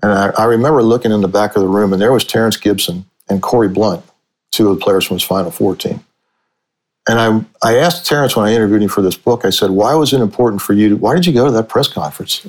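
A middle-aged man, a sportswriter and author, telling long anecdotes in a relaxed conversational way, restarting his sentences often. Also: lowish voice, fast talker, low-quality recording. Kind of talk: conversational storytelling.

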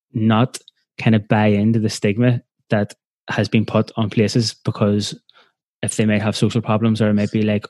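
A man's voice: lowish voice, a little mellow, dry recording. A man with a Belfast accent, talking thoughtfully and a bit hesitantly in a casual chat. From West Belfast. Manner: thoughtful, hesitant, uses 'kind of' often.

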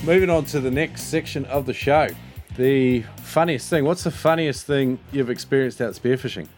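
A man's voice: medium pitch, a little fast, soft background music. A man hosting a podcast, relaxing into casual chat and asking questions. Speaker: podcast host.

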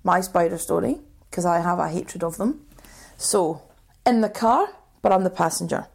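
A woman co-hosting a casual chat show, talking in a relaxed back-and-forth way with quick interjections. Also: fairly low pitch, creaky, breathy edge. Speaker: podcast co-host.

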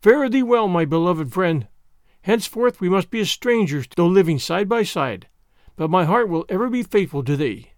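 A man's voice: high-pitched, expressive, normal speed, dry recording, clean studio sound. A man voicing a dreamy, romantic orphan girl who speaks in flowery, theatrical phrases. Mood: wistful.

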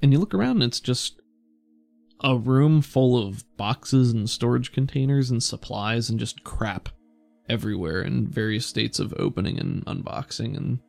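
A man narrates a tabletop game as game master. His voice is gravelly and sits at an ordinary pitch. He talks in a relaxed, halting way, with lots of ums and restarts. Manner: relaxed, halting, full of fillers.

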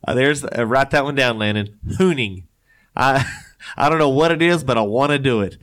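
A man co-hosts a loose, casual chat, reading odd news stories aloud. His voice is mid-pitched, and he breaks off often for joking, rambling asides and laughter. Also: a little fast, fairly bright tone. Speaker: podcast co-host.

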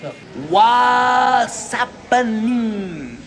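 A man's voice: high-pitched, a little fast, a bit bright, slight background noise. An actor playing a man who patiently teaches street greetings to a group of newcomers in a film scene. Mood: coaching. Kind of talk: film dialogue.

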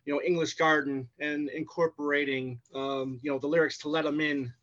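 A man hosting a podcast, asking a guest questions in a halting, earnest way with many fillers. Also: a little high, flat delivery, a bit bright, highs cut off. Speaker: podcast host. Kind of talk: interview questions.

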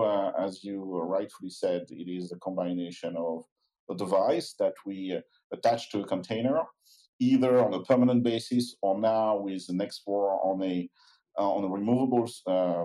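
A man from France with a French accent, a company chief answering interview questions in a measured way with many uh pauses. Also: on the low side, dark tone, rough recording. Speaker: company CEO, guest.

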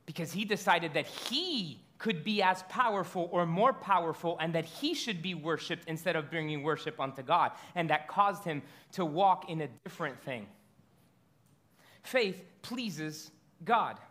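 High bright-voiced preaching man. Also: unhurried. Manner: animated storytelling preacher, stumbles and repeats words. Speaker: pastor. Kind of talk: sermon.

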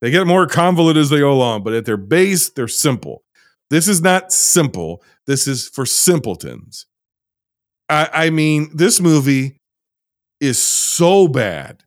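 Sardonic, animated male podcast host. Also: fairly high pitch, unhurried, dry recording, studio quality. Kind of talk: casual chat.

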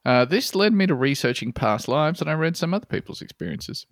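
A man's voice: a little high, animated, fairly quick, no echo, clean studio sound. A man co-hosting a comedy podcast, reading a listener post aloud and mocking it with plenty of swearing. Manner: sarcastic, mocking, swears a lot.

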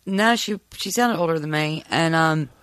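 A man's voice: fairly high pitch, normal speed, noisy background. A man on a podcast telling a casual, rambling story, quoting what others said. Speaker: podcast co-host.

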